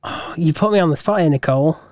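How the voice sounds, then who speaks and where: A man's voice: on the high side, quick pace, a little mellow, no echo, clean studio sound. A man from Britain co-hosting a podcast, chatting in a bashful, hesitant way with frequent laughs. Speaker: podcast co-host. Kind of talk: casual podcast chat.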